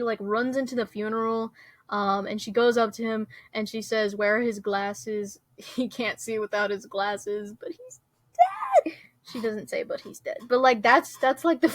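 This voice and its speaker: A woman's voice: fairly high pitch, no room sound. A young adult woman chatting casually as a vlogger, rambling with lots of fillers and frequent giggles. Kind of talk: casual chat.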